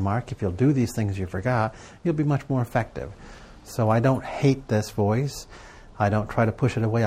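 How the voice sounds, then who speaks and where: Preaching to a live audience on prayer and journaling, a middle-aged man tells stories and poses rhetorical questions conversationally. His voice sits lowish, with a husky, slightly mellow quality.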